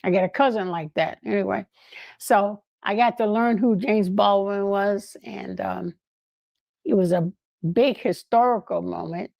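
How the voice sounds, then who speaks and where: An older woman telling lively anecdotes in a casual way, laughing often and acting out what others said. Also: mid-range voice, unhurried, vocal fry, no echo, muffled recording. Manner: animated, laughing, acts out quoted voices. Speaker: guest storyteller.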